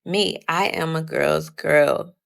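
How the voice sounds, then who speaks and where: A woman's voice: deep voice, fairly even intonation, slow, creaky. A young woman casually telling a personal story, retelling it with lots of "I was like" quotes.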